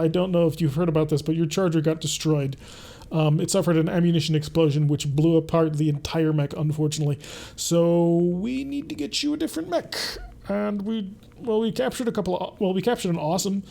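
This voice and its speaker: A man's voice: on the high side, mellow. A man streaming a strategy game, chatting casually, answering viewers' questions and talking through his choices as he plays. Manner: chatty, reads and answers chat while playing.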